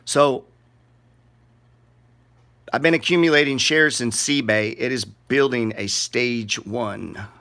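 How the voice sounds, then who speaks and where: A middle-aged man rants through casual market commentary. His voice is bright and forceful, and he wanders from point to point with blunt, profane sarcasm. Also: medium pitch, slow pace, long pauses.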